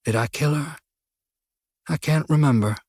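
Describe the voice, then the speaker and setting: A man voicing a menacing male prisoner with a Texan drawl, slightly nasal, talking slowly and mockingly. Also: fairly high pitch, darkish tone, dry recording, studio quality, voice pushed up. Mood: taunting. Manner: slow, taunting, mocking. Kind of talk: audiobook character voice.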